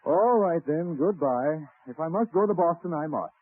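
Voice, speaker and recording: Bewildered husband, high voice, 1930s radio sketch, thin phone-like sound. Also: male voice, expressive, moderate pace. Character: put-upon husband, mild and bewildered. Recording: tinny 1930s radio broadcast.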